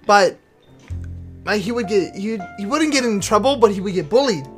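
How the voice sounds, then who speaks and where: A man's voice: high voice, lively intonation, normal speed, soft background music. A young man in casual chat as a podcast co-host, telling rambling stories full of slang, fillers and swearing. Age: young adult.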